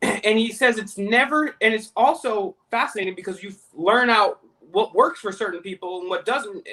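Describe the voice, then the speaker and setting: A man hosting an interview over a video call, keen and restless, and given to cutting in. His voice sits high and rings with a bright, forceful edge. The feel is of casual chat between two people far apart. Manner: rapid, over-eager, interrupts often. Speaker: interview host.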